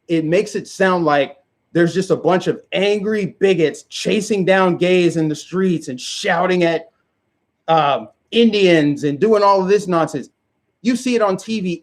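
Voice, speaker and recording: Brief: emphatic male commentator, high voice, hammers rhetorical questions. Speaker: video commentator. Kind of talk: direct-to-camera rant.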